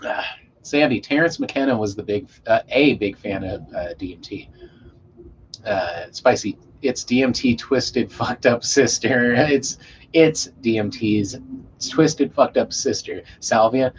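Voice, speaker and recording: A man's voice: mid-range voice, measured pace. Rambling, cussing man on a dull mic. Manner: loose and rambling, swears a lot, trails off quietly. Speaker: streamer reading chat. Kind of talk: casual storytelling to a live chat. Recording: dull lo-fi mic with faint hiss.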